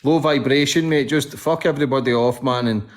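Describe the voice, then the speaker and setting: A man's voice: medium pitch, fairly quick. A man interviewing a guest in a casual chat, talking frankly and swearing often. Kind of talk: casual conversation.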